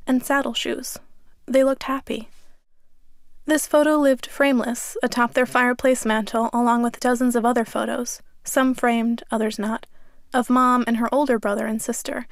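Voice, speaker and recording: A woman author reading her memoir as an audiobook in a studio, in a steady, measured way. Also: fairly high pitch, no room sound. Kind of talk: audiobook narration. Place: recording studio. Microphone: studio microphone.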